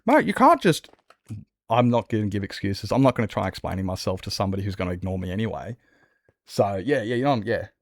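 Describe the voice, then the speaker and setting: A man's voice: on the low side, steady tone, fast talker, darkish tone, no room sound, studio quality. Rambling man streamer chatting. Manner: rambling, answers chat, trailing restarts. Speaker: game streamer. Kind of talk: casual chat while gaming.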